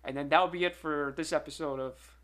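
Bright-voiced stammering podcast host. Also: male voice, fairly high pitch, steady tone, fairly quick. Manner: rambling, stammering, many fillers and restarts. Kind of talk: casual podcast chat and commentary.

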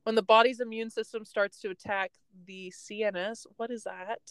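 A woman's voice: medium pitch, fairly even intonation, moderate pace, fairly bright tone, clear, resonant tone, no echo, poor audio. A young woman hosting a podcast, telling a story in a casual, rambling way and laughing often. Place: in a parked car.

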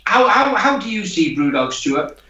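High bright man, far off and roomy. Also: sing-song, moderate pace, highs cut off. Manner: chatty, asks rambling questions. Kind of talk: casual podcast chat.

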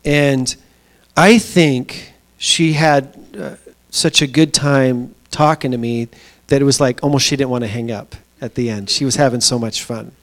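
A man giving a sermon at a small church, telling a story conversationally with pauses and fillers. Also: medium pitch, steady tone, a bit bright. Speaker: pastor.

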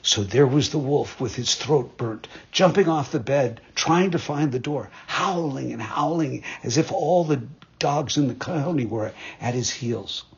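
A male storyteller reads a fairytale in a husky, breathy voice of middle pitch. His telling is measured and expressive. The recording has a dull, muffled lo-fi sound. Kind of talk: fairytale narration.

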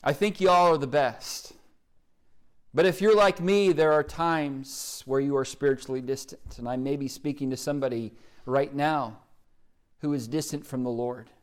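A man's voice: mid-range voice, moderate pace, clean tone. A pastor with an Oklahoma accent preaching a sermon, earnest and pleading as he reads scripture and calls listeners to decision.

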